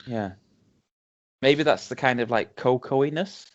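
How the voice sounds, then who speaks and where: A man's voice: mid-range voice, takes it slowly. A man from England co-hosting a casual whisky-tasting podcast, rambling with many restarts and ums. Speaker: podcast co-host. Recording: dull lo-fi home podcast recording.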